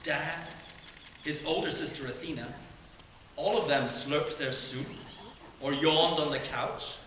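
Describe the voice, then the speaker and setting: A man reading from his own novel at a launch party, expressive and chuckling at his own jokes. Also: fairly high pitch, measured pace, a little hiss or hum. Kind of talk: animated reading aloud of a novel. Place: community center room at a launch party. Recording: echoey community center room.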